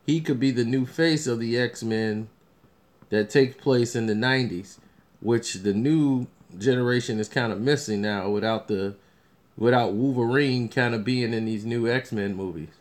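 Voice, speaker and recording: An unhurried man with a medium-pitched voice talks informally about upcoming movies as a review vlogger. He tends to ramble, frequently starting over and using fillers.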